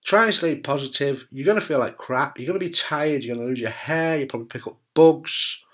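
A man's voice: fairly high pitch, a little fast, a bit bright. Blunt man giving frank advice. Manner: blunt, frank, swears, jokey. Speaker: testicular cancer survivor giving advice. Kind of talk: casual talk to camera.

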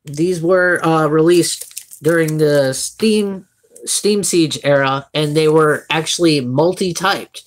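A man's voice: a little high, takes it slowly. A young man from Florida with a Floridian Southern accent, chatting casually on a live stream as he opens card packs and greets viewers by name.

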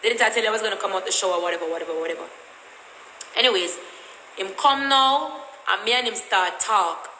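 A woman's voice: medium pitch, brisk, sharp tone, reverberant, a little hiss or hum, poor audio. A woman with a Jamaican accent telling a story in a blunt, repetitive, cussing rant. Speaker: vlogger.

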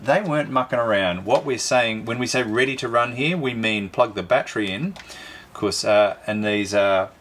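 A man talks through an unboxing in a loose, chatty way, stopping to correct himself as he goes. His voice sits at an ordinary middle pitch. There is a faint hiss of noise behind him. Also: fairly bright tone. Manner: chatty, rambling, self-correcting. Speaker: host. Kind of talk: casual product review.

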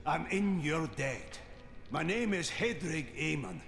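An actor playing a gruff, blunt male blacksmith in a video game. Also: fairly high pitch, animated, takes it slowly, slight background noise, exaggerated voice. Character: gruff middle-aged male town blacksmith. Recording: game audio with loud music.

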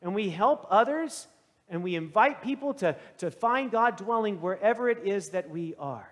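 A male pastor preaching a sermon in a church, with animated, conversational storytelling. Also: high-pitched, moderate pace, in a large hall.

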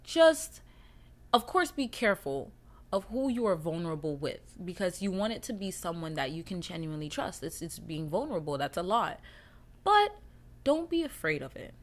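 A woman's voice: lowish voice, big pitch swings, moderate pace. A young woman hosting her own podcast, talking candidly and casually to her listeners with heavy cursing. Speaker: podcast host. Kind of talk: casual solo monologue.

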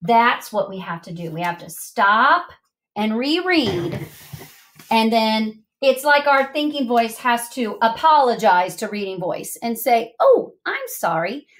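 A woman's voice: on the high side, animated, unhurried, fairly bright tone. A middle-aged woman teaching a lesson to young students, encouraging and speaking directly to the children.

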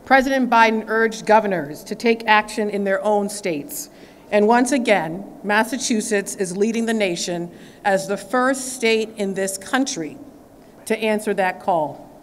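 A woman's voice: medium pitch, a little slow. A woman attorney general giving a formal speech at a press conference, with the occasional filler. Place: government press event room. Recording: reverberant hall with faint background noise.

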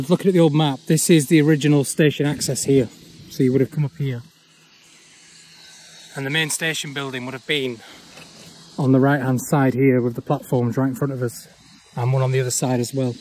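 A man, chatting casually as he walks an overgrown old railway path outdoors, often pausing on "uh". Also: medium pitch, darkish tone, a little hiss or hum. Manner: chatty, with frequent "uh" pauses. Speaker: urban exploring vlogger. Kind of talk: casual walk-and-talk commentary.

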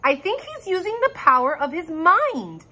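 A woman voicing an earnest young boy dragon master, eager and a little hushed. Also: very high voice, sing-song, normal speed, voice pushed up, full character voice. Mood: unsure.

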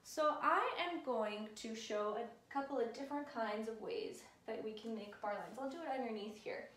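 A woman's voice: fairly high pitch, moderate pace, a bit bright, far from the mic, slight background noise. A woman music teacher giving an encouraging lesson to children in a classroom, counting and chanting along with them. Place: classroom with whiteboard. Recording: echoey room, voice from afar.

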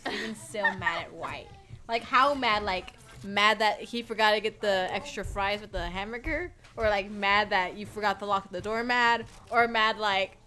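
A woman's voice: mid-range voice, moderate pace, pushed and bright, a little hiss or hum. A woman streaming games, chatting casually and giggling, greeting viewers by name. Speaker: game streamer. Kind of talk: casual live-stream chat.

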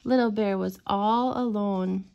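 Gentle woman reading a bedtime story. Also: medium pitch, a little slow, vocal fry, lo-fi sound. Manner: gentle, expressive.

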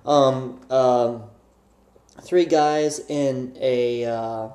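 A young man telling a funny story to the camera in a casual, animated way, often laughing and acting out the people in it. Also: mid-range voice, extremely slow, reverberant. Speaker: vlogger.

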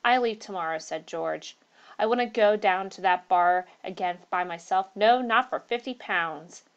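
Woman doing a respectful, jittery waiter, loud and earnest, for a storybook ghost tale. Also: high-pitched, measured pace, smooth, muffled recording. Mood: solemn. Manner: solemn, fervent, deferential. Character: solemn, fearful male inn waiter.

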